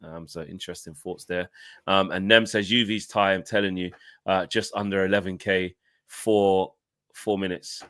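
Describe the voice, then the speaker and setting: Male podcast host, lowish voice, banter and viewer comments. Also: fairly even intonation, normal speed, a bit bright, clean tone, dry recording, clean studio sound. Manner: jokey storytelling, mimics others, reads viewer comments. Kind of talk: casual football banter.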